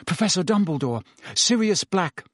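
A man's voice: sits high, animated, normal speed, husky, no room sound, clean studio sound, voice pushed up. A man doing an urgent teenage Harry Potter. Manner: urgent, pleading, shouting. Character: agitated teenage boy wizard.

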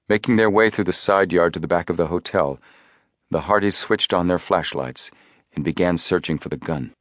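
A man narrating an audiobook with measured storytelling. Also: sits low, dry recording, studio quality. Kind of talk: scripted narration.

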